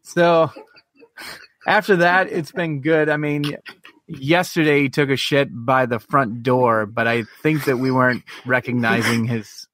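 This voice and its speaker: A man's voice: medium pitch, steady tone, moderate pace, fairly bright tone, no echo. A man co-hosting a podcast, telling a long, profane story in casual chat. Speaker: podcast co-host.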